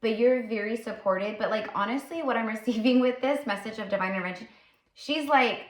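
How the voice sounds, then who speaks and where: A woman's voice: on the high side, fairly quick. A woman psychic tarot reader talking casually while channeling, rambling and full of fillers. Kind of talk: casual spiritual channeling talk. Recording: roomy echo.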